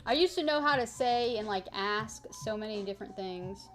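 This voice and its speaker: A woman's voice: mid-range voice, moderate pace, hardly any pauses, a bit bright. An American woman chatting casually with viewers on a live stream and practicing French words aloud. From United States. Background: faint background music.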